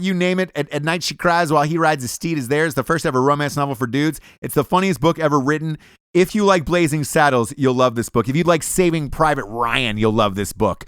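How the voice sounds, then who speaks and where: A man's voice: a little high, fairly bright tone, clean tone, no room sound, clean studio sound. A man hosting a podcast, reading ads and joking in a brash, profane way. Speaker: podcast host. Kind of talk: casual podcast ad reads and chat.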